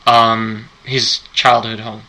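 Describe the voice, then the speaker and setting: Bright-voiced man recapping a movie. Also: on the low side, little pitch movement, slow pace, rough recording. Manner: rambling, enthusiastic storytelling with fillers. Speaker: podcast co-host. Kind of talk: casual chat, retelling a movie plot.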